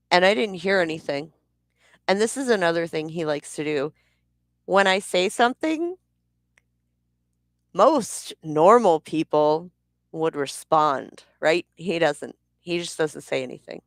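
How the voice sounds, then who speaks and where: A woman's voice: on the low side, expressive, measured pace, no echo, studio quality. A woman vlogger telling a personal story in a blunt, heated way, swearing freely. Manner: blunt, profane, heated retelling.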